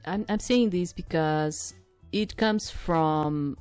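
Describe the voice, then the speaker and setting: A woman who is not a native English speaker, reading a dating game aloud and chatting in rambling asides as she thinks out loud. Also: on the low side, slow pace, smooth, dry recording, faint music behind. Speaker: game streamer. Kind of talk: reading a visual novel aloud with side commentary.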